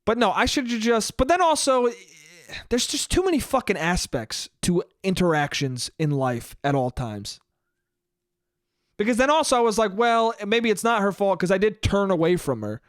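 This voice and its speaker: A man hosts his own podcast alone and tells a story in a loose, profane, self-mocking way, saying "dude" again and again. His voice sits high for a man. The sound is dry and close, with no room echo. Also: sing-song, moderate pace. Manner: profane, self-deprecating, says "dude" a lot. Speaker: podcast host. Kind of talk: casual solo storytelling monologue.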